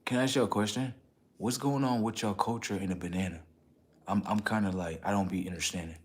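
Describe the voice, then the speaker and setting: A livestream host with a fairly low voice rants casually to his audience in slangy, street-casual talk, dropping "okay" and "right" after almost every line. He talks fast with fairly even intonation, though his voice climbs high and loud when he gets worked up.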